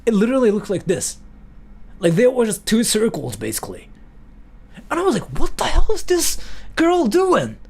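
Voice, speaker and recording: Lively gravelly-voiced young man. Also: sits high. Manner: rambling, animated, many "like" fillers. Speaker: livestream host. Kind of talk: casual storytelling chat.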